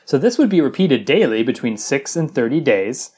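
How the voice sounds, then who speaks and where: A man co-hosting a loose, joking conversation, reading passages aloud between wry asides. His pitch moves a lot, rising and falling as he talks. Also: very animated, moderate pace, a little mellow, breathy edge. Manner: sarcastic, jokey, reads quotes aloud. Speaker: podcast co-host. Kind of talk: casual chat reading a script.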